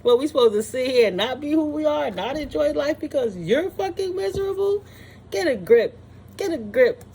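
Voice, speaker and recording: A woman's voice: high-pitched, animated, moderate pace, darkish tone. A woman doing a casual spiritual tarot reading, sassy and blunt, scolding with profanity and frequent laughs. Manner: scolding, dismissive. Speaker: tarot reader.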